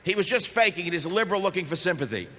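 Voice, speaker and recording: A talk radio host giving an impassioned, sarcastic political speech to a live audience, shouting at times. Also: male voice, high voice, lively intonation, racing. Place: large hall before a live audience. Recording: echoey hall with faint background noise.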